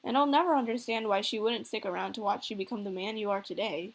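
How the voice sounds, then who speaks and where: A woman's voice: mid-range voice, fast talker, close to an everyday voice. A woman voicing a goofy, teasing middle-aged single father from a visual novel. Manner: joking, corny dad teasing.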